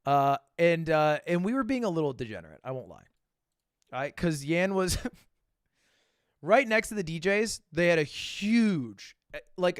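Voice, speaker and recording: Telling a story to his stream, a young man is casual and self-mocking and swears often. His slightly high voice ranges widely, leaping into loud bursts and sinking into low asides. The sound is close and dry, with no room sound.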